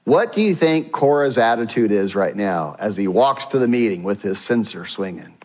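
Animated preaching man, dull recording. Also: lowish voice, moderate pace. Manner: animated, acts out scripture quotes with rising voice; rhetorical questions to the congregation. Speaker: pastor. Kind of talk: sermon.

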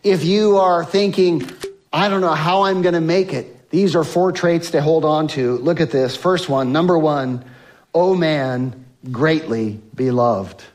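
A male pastor preaching a sermon to his congregation on a microphone, swinging between loud emphasis and soft, slow lines. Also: on the high side. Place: church sanctuary with congregation.

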